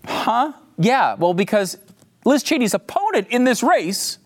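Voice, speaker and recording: A man's voice: very high-pitched, very animated, a little slow. A man hosting a political commentary show, delivering a sarcastic monologue and now and then jumping into silly voices.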